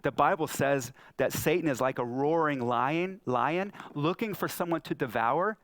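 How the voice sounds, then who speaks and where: A man's voice: normal speed, a bit bright, dry recording. A man in his thirties preaching a sermon, telling stories and acting out the lines he quotes. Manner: storytelling, acts out quotes with big pitch jumps. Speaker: pastor. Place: church hall.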